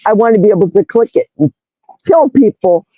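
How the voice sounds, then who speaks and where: A woman's voice: medium pitch, very fast, dark tone, no room sound, dull audio. A woman in her sixties hosting a casual livestream, rambling from one story to the next and reading viewers' chat comments aloud. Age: 60s. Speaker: livestream host.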